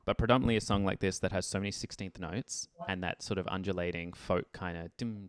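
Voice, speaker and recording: Low gravelly man teaching music theory. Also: steady tone, fast talker, few pauses, dry recording. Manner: chatty, demonstrates by speaking and tapping rhythms. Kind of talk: online group lesson.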